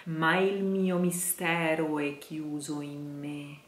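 A woman with an Italian accent teaches singers diction, sounding out each syllable slowly and carefully. Her voice sits a little low. The room around her is echoey. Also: monotone. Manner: demonstrates phrases slowly, syllable by syllable. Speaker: singing teacher. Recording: roomy echo.

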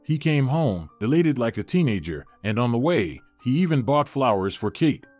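A man narrating a scripted story in a measured, storytelling manner. His pitch moves freely across a wide range, recorded close and dry, with soft music playing underneath. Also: big pitch swings, no room sound. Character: Antonio, a smitten man, calm and professional.

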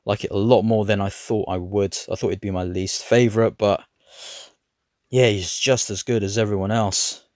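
Toy reviewer, male, low voice, relaxed and rambling, hesitant delivery. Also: moderate pace, dry recording, studio quality. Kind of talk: casual product review.

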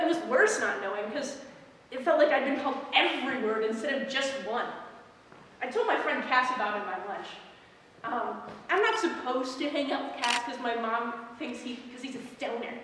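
High, bright nervous teen girl, as a student actor plays her, rambling, echoey hall, mic far off. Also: a little hiss or hum. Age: late teens. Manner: rambling, stumbling, nervous repeats. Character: anxious chatty teenage schoolgirl, self-conscious. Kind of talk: competition dramatic monologue.

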